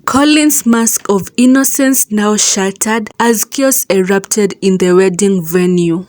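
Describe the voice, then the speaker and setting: A woman telling a first-person story as scripted narration, in a measured, even way. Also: mid-range voice, dry recording.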